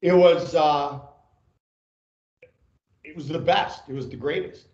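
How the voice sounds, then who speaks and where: A middle-aged man tells sports stories with excitable energy, repeating himself for emphasis and swearing freely. His voice sits a little high. It comes through dull and roomy, like remote call audio. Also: takes it slowly. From Ohio. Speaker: guest, sportscaster. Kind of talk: animated storytelling.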